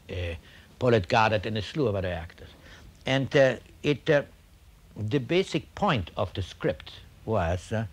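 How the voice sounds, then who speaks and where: Older man recalling with wry pauses. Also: on the low side. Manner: halting, full of uh and restarts; wry storyteller. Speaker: film director. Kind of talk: reminiscing interview anecdote.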